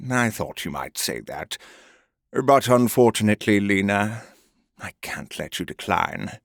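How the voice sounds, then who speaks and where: Slow, low, expressive male audiobook narrator. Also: creaky, no room sound, studio quality. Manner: menacing, gloating storytelling. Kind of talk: first-person audiobook narration.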